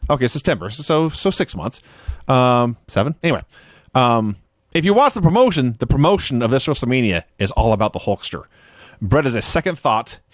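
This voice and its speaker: Rambling, lively-voiced male podcast co-host. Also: medium pitch, fairly quick, no room sound, studio quality. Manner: rambling, restarts, chuckles at his own jokes. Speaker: podcast co-host reviewing wrestling shows. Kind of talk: casual chat.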